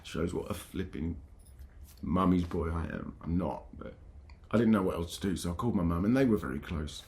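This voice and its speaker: A deep-voiced man recounts a personal story on his channel. He talks haltingly and emotionally, often stopping and starting over mid-sentence. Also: gravelly, darkish tone. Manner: halting, emotional, with frequent restarts. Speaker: channel host.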